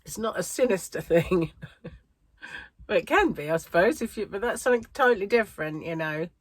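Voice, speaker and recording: A UK crochet vlogger chats casually to camera in a medium-pitched, animated, fairly quick voice, recorded dry. Slightly out of breath, she rambles with lots of fillers and frequent laughs.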